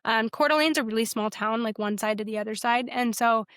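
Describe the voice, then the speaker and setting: A young woman with a fairly high voice tells her faith story in a casual podcast. She acts out the dialogue and fills her sentences with "like". The sound is dry and close to the mic. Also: brisk, clean tone, no room sound. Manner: animated, quotes herself and others in dialogue, frequent "like". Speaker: podcast guest sharing her testimony.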